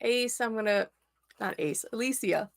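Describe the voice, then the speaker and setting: A young woman talks through a tarot reading on a casual livestream, chatty and quick to laugh. Her voice has a gravelly vocal fry. The sound is dry and close to the mic. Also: a little high, no echo. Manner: chatty, laughs often, excitable outbursts. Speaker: tarot reader and livestream host.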